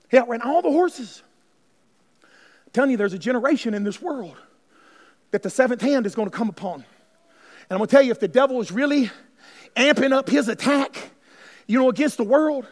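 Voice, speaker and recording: A male pastor, preaching with fervour, calling out to his congregation and swinging from hushed lines to shouts. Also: extremely high pitch. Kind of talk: sermon. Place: church sanctuary. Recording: long hall reverb.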